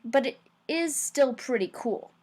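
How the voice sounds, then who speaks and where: A woman reading a novel aloud in plain, steady first-person narration. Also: high-pitched, a little slow. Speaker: reader.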